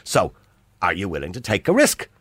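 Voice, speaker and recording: A man's voice: low voice, huge pitch swings, moderate pace, fairly bright tone, slightly rough, dry recording. A middle-aged man with a Dublin accent hosting a call-in radio show, chatty and opinionated, laughing easily. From Dublin, Ireland. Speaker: radio talk show host. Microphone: studio microphone.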